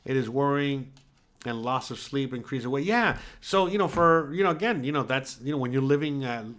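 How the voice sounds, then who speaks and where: A man's voice: mid-range voice, brisk. A man in his forties hosting his own show, talking bluntly and casually with lots of swearing and filler tags. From United States. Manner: blunt, profane, animated with filler tags like "all right?". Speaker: podcast host. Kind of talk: casual livestream talk reading chat comments.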